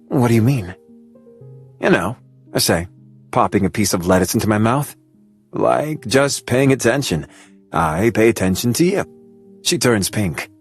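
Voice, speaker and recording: A man narrating a first-person audiobook in a playful, expressive way. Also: lowish voice, normal speed, husky, soft background music. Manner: expressive, playful, laughs while reading.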